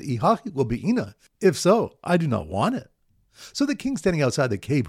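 Husky, lively man teaching Talmud. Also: no room sound, studio quality. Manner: lively storytelling with sudden pitch jumps. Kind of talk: mnemonic Talmud review lesson.

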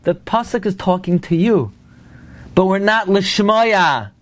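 High-voiced man giving an emphatic Torah lecture. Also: a little slow. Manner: emphatic, animated, rhetorical questions to listeners; mixes Hebrew and Yiddish terms into English. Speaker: rabbi teaching Torah.

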